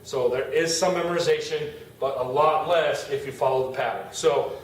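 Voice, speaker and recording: A man's voice: medium pitch, fairly even intonation, moderate pace. A middle-aged man teaching Spanish grammar in a classroom, talking casually as he writes on the board. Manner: casual, talks while writing on a board. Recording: echoey room, far from the mic, faint noise.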